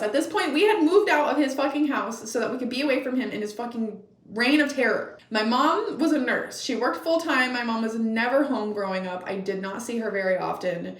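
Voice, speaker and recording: A young woman spins a casual storytime tale for her vlog, blunt and animated, cursing freely. Her voice sits a little high. She is a bit back from the mic in an echoey room. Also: recorded from a distance. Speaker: vlogger.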